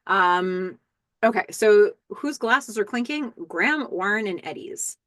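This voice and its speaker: A woman hosting a podcast, recapping a TV episode in a casual, animated way and reading the characters' lines aloud in playful voices. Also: mid-range voice, unhurried, no echo, clean studio sound.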